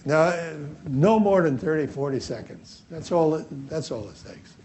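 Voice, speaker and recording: A man's voice: on the high side, lively intonation, normal speed, a little mellow, slight background noise. Storytelling man teaching a workshop. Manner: storytelling, acts out dialogue, repeats himself. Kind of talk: anecdotal seminar lecture.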